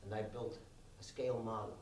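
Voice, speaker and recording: A man playing a gentle older husband who quietly recalls his wife, speaking softly and wistfully. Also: fairly low pitch, flat delivery, a little fast, voice pushed down, close to an everyday voice. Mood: tender, wistful. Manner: soft, quiet, wistful storytelling. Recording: echoey live room, distant mic, noisy.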